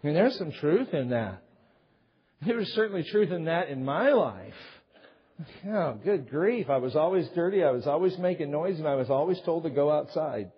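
A man's voice: on the high side, normal speed, husky. A man preaching a sermon as pastor, telling jokes and stories and acting out the voices he quotes. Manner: animated, joking storyteller. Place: church sanctuary. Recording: dull lo-fi recording in reverberant hall.

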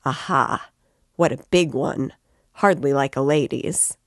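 A woman's voice: extremely low pitch, slow, no echo, clean studio sound, exaggerated voice. A woman reading as a feverish, irritable young man. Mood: agitated.

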